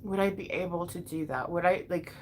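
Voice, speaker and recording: A woman's voice: lowish voice, fairly quick, slight background noise. A young woman and mother venting frankly to her live chat, emotional and swearing often as she restarts her sentences. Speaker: vlogger and mother.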